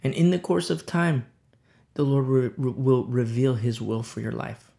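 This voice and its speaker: A man's voice: medium pitch, moderate pace, creaky, dark tone. A man pastor giving a conversational sermon, stressing points through repetition.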